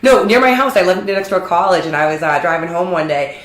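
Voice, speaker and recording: A woman with a middle-pitched voice co-hosts a loose chat, wandering through stories and laughing along the way. The room around her is echoey. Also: expressive, quick pace. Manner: rambling, laughs often, storytelling. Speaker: podcast co-host. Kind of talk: casual chat.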